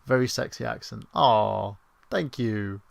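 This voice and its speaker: A man's voice: fairly low pitch, unhurried, vocal fry, no room sound. A British man in his thirties hosting a livestream, chatting in a rambling, sarcastic, self-mocking way with casual swearing. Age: 30s. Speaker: livestream host.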